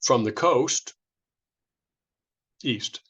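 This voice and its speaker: A man's voice: mid-range voice, very slow, a bit bright, slightly rough, lo-fi sound. A man from California giving an informal public lecture, talking in a conversational way with restarts and imitated sounds. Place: indoor lecture room.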